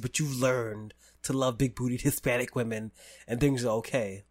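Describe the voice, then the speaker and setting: A man from the United States hosting a casual conversation, telling long rambling stories full of "like" and "you know.". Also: medium pitch. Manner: rambling storyteller, many fillers.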